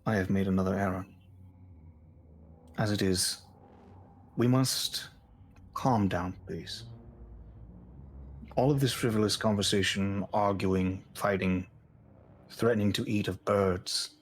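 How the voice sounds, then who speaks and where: Lord Iris: a man playing a formal, fatherly god with a low, slow, stilted delivery, tabletop game. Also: fairly even intonation, slight background noise. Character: solemn male god lord, stiff and fatherly.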